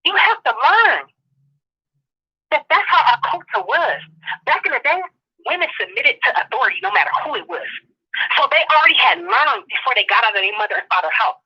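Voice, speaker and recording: A woman guest on a talk show, delivering a passionate, profane, rapid-fire rant of social commentary. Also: sits high, big pitch swings, pushed and bright, husky. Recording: dull lo-fi audio.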